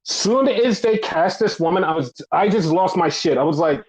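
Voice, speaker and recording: A man's voice: high-pitched, animated, moderate pace, few pauses, poor audio. A man hosting a wrestling podcast, swearing freely as he goes on a heated rant in casual commentary. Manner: profane, heated ranting.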